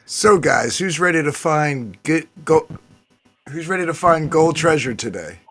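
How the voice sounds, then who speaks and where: A man's voice: a little high, expressive, measured pace, fairly bright tone, soft background music. A man voicing an upbeat male treasure-hunting TV show host who rallies his crew. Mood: eager.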